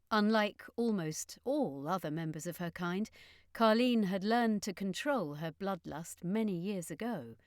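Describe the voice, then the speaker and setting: A woman narrating a storybook with a measured, expressive reading. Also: medium pitch, dry recording, studio quality. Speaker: audiobook narrator.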